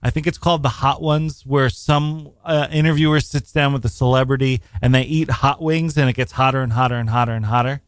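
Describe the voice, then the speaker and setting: This New York podcast co-host speaks at medium pitch with fairly even intonation, moving briskly with few pauses. His tone is clear and resonant, captured in echo-free studio quality. He keeps things casual, rambling through stories and laughing a lot.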